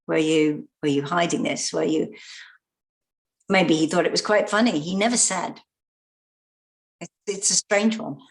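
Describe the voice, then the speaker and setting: A middle-aged woman with a British accent and a notably deep, low-pitched voice, talking as a guest in an interview. She tells her stories with lively energy, slipping into other people's voices when she quotes them. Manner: animated, acts out quoted voices. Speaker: guest actress. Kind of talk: conversational interview storytelling.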